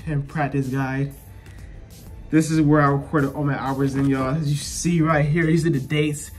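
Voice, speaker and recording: A young man vlogging, telling a story casually to his viewers with relaxed slang and lots of repetition. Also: fairly high pitch. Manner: relaxed slangy talk, repeats himself, addresses viewers directly.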